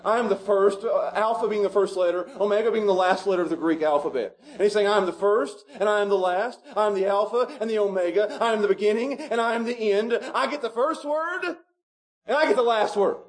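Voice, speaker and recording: A man preaching a sermon as pastor, animated and rising to shouts at the high points. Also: fast, hardly any pauses.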